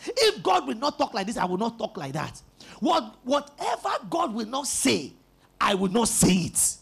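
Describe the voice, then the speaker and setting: A man's voice: very high voice, vocal fry, a bit bright. A male pastor preaching an emphatic sermon, calling on the congregation to repeat after him. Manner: emphatic, call-and-response preaching.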